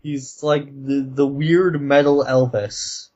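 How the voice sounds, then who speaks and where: A man's voice: mid-range voice, flat delivery, takes it slowly, darkish tone. A young man co-hosting a casual podcast, laid-back, with dry short replies. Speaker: podcast co-host. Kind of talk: casual banter. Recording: dull lo-fi home mic.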